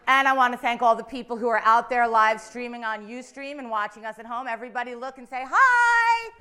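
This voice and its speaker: A woman's voice: a little high, fairly even intonation, fast talker, sharp tone, a little hiss or hum. A woman emceeing a student showcase live, playful and chatty with the crowd.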